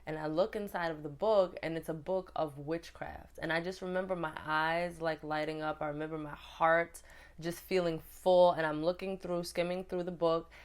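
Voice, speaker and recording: Low-voiced woman vlogger, casual storytime, animated and rambling. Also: normal speed. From New York. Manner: chatty, animated retelling with many fillers.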